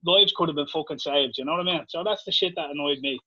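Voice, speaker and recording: A man's voice: a little high, quick pace, sharp tone, slight background noise. An Irish man co-hosting a podcast, ranting with heavy swearing in casual chat. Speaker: podcast co-host. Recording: dull lo-fi dry sound.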